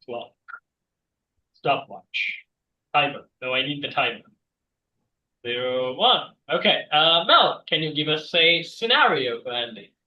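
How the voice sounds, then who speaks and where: A man hosting an improv game, giving brisk instructions and chuckling asides over a video call. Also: on the high side, animated. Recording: distant, dull, echoey mic.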